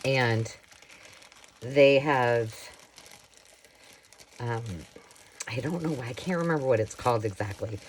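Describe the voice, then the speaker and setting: A woman's voice: rumbling low, a little hiss or hum. A woman chatting casually and rambling as she works on a craft project, often laughing. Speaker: craft vlogger. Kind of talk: casual chat while crafting.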